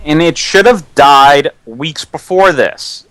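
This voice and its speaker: Slow-talking man on a dry mic. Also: a little high, expressive, fairly bright tone, no room sound. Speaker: podcast co-host. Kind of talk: casual wrestling chat.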